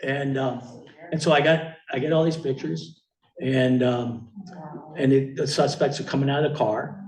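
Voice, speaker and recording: A man's voice: mid-range voice, steady tone, normal speed, a little mellow. Rambling older man, echoey distant mic. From Miami. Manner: rambling, many fillers, chuckling often. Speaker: guest speaker, photographer. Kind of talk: casual talk presenting slides. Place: meeting hall with audience. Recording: echoey hall from far off.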